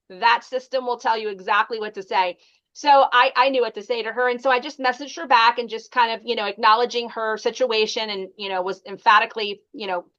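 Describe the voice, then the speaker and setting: A woman's voice: a little high, sharp tone, highs cut off. Chatty woman leading a training call. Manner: chatty and encouraging, many ums and likes. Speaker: sales team leader training consultants.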